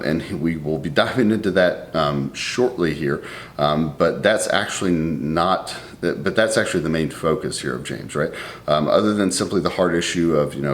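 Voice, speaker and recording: A man's voice: extremely low pitch, a little hiss or hum. A man giving a verse-by-verse Bible study, reading scripture aloud and then explaining it in a conversational way. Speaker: Bible teacher.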